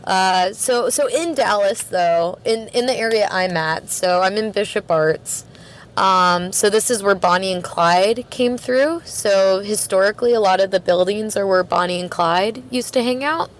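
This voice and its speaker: A woman's voice: medium pitch, unhurried. Chatty woman from Canada, faint hiss. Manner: chatty, rambling, many fillers and laughs. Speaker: podcast guest, record store worker. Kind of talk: casual interview chat.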